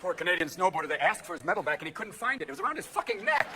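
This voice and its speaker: A middle-aged man doing a manic stand-up routine, switching rapidly between characters and bursting into shouts. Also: high-pitched, very animated, creaky. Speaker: stand-up comedian. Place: theater stage before a live audience. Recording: live show recording with crowd laughter and noise.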